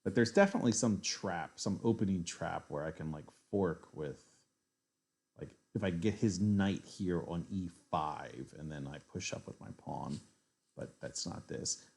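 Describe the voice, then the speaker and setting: Low-voiced man thinking aloud over chess. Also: a little slow, creaky, a little mellow. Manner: muttering, self-correcting, analytical. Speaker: chess streamer. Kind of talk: thinking aloud during live gameplay.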